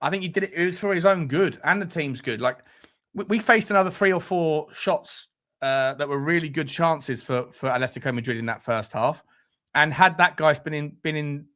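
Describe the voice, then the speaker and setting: A man's voice: mid-range voice, a bit bright. A man hosting a live fan stream, who talks bluntly with crude jokes and reads out the chat. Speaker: fan show presenter.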